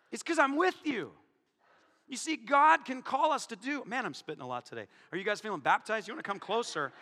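Pastor, male, animated and joking in the pulpit, bright, lively high voice, long hall reverb. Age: adult, married. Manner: animated, joking, swings from loud to hushed. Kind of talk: sermon. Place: church hall before a congregation.

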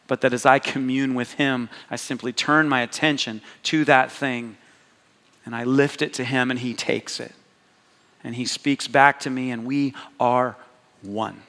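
Pastor preaching slowly in a reverberant hall. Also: male voice, medium pitch, sharp tone. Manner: slow, intimate, repeats words for emphasis. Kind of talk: sermon.

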